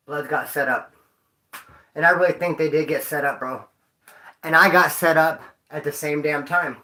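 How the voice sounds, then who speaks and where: A man's voice: fairly high pitch, fairly even intonation, normal speed, sharp tone, roomy sound. A man vlogging, telling stories to his viewers in a rambling, profane way full of street slang. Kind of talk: casual storytelling to viewers.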